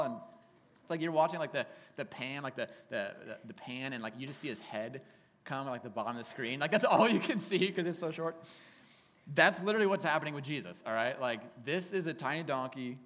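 Animated casual male pastor in a hall. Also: mid-range voice, brisk. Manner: casual, animated storytelling with frequent "like". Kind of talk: sermon. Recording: hall reverb.

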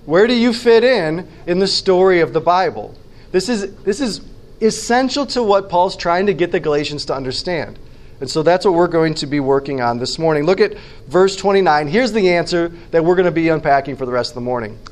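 A man preaching a sermon as pastor, conversational and emphatic, slowing down to stress key phrases and asking the listeners questions. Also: a little high, lively intonation.

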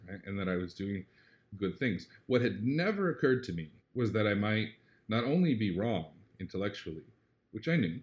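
A man being interviewed, talking in an earnest, reflective way. He often checks in with "right?" and grows animated when he retells a story. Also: fairly low pitch. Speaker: interview guest. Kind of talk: casual conversational interview.

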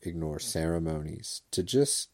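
A man's voice: sits low, expressive, measured pace, darkish tone. A man delivering a rambling, sarcastic comedic rant full of digressions.

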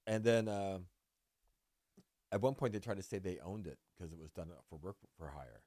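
A middle-aged man from Northern California, a guest cartoonist telling lively stories in a casual interview and acting out other people's lines. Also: low voice, moderate pace, no echo. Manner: lively anecdote teller who acts out other people's lines.

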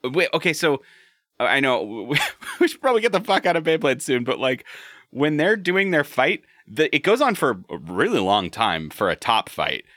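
A man co-hosting a podcast in casual chat, animated, laughing often and swearing. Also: mid-range voice, moderate pace, dry recording, clean studio sound. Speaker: podcast co-host.

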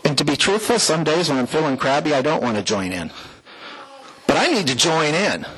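A man's voice: fairly high pitch, big pitch swings, fairly quick, fairly bright tone, husky, poor audio. A man giving a folksy, heartfelt personal testimony to a church congregation, with small jokes along the way. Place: church sanctuary, before the congregation.

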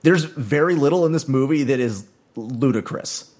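A man's voice: medium pitch, moderate pace, a little mellow. A man co-hosting a movie podcast, chatting casually with dry sarcastic jokes. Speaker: podcast co-host. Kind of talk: casual chat.

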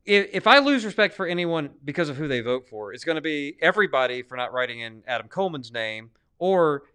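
This man, co-hosting a podcast, debates casually in a Southern US accent, emphatic and prone to restarts, with lively shifts in loudness. His voice is slightly high, a little fast, and clear with a resonant tone.

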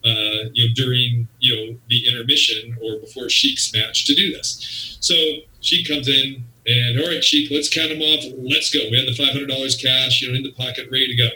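A man's voice: medium pitch, moderate pace. A man, a wrestling promoter, animatedly telling a story in an interview and acting out the people in it. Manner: animated storyteller who acts out quotes. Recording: roomy sound, distant from the mic.

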